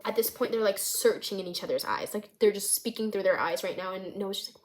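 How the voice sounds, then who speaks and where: Animated young woman telling a story. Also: mid-range voice, brisk, few pauses. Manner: animated storytelling, many "like" fillers. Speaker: vlogger writing a film script. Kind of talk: casual chat.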